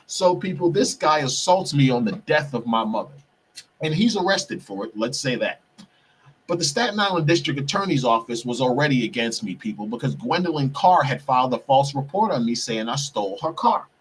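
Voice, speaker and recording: A man's voice: mid-range voice, animated, fairly quick. A man hosting a podcast, telling a heated personal story, profane and repeatedly calling out to his listeners as "people". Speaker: podcast host. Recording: distant mic, husky sound.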